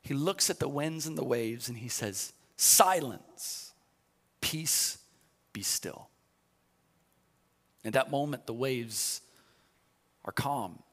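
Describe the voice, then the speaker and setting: A pastor preaches a sermon, telling the story conversationally and often repeating words as he begins sentences, building up to shouted, rising preaching. His voice is medium in pitch and his pace is measured.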